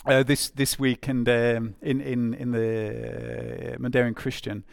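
A man's voice: medium pitch, little pitch movement, a little slow, gravelly, no room sound, clean studio sound. A man preaching a sermon in a conversational way, repeating phrases for emphasis with frequent fillers.

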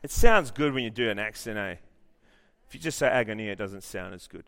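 A man's voice: on the low side, fairly quick. Joking man preaching a sermon. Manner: animated storytelling with jokes and frequent restarts. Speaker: pastor.

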